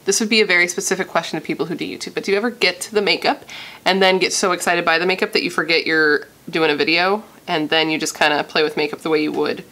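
A young woman from Missouri chatting casually and gushing as she does a makeup tutorial, thinking out loud. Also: on the low side, fairly even intonation, fast talker. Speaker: beauty vlogger.

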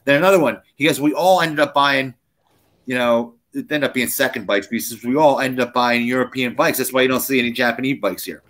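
A man's voice: mid-range voice, fairly quick, fairly bright tone. A man co-hosting a casual podcast, telling rambling stories and acting out what others said. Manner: rambling storyteller, acts out quoted people. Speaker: podcast co-host.

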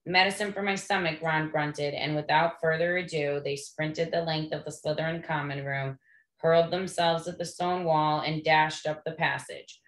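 A woman reading a novel aloud to listeners in a gentle, friendly way. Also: low-pitched. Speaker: read-aloud host. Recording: echoey room.

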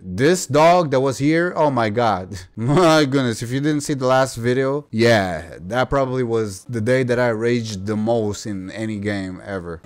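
Excitable man ranting over a game. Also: medium pitch, a little slow, hardly any pauses. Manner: excitable, swears and rants at the game. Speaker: gaming youtuber. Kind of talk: let's play commentary. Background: faint game music.

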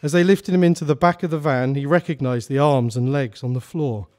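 A man reading his short story aloud at a live salon, narrating at a steady, measured pace. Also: mid-range voice.

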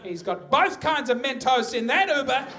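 A man's voice: extremely high pitch, big pitch swings, normal speed, pushed and bright, some chatter behind. A young Australian man with an Australian accent, doing a stand-up set with punchy, sardonic storytelling at a live comedy venue. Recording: noisy live recording.

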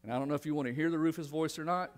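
A man preaching a sermon with a fairly high voice, talking to his congregation in an earnest, conversational way. He often repeats a word as he restarts a phrase, and then he slows into prayer. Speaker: pastor. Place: church sanctuary.

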